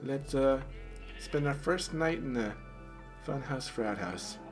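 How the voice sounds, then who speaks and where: A man's voice: mid-range voice, lively intonation, slow pace, music in the background. A man casually commenting on his video game play, playful and chatty, talking to the animals in the game. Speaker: gamer.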